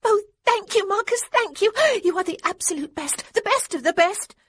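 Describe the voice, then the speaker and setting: A woman's voice: very animated, a little slow, heavily acted. A woman voicing a whiny, dramatic six-year-old girl who pleads and wails. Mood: gleeful. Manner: shrill, wailing, pleading.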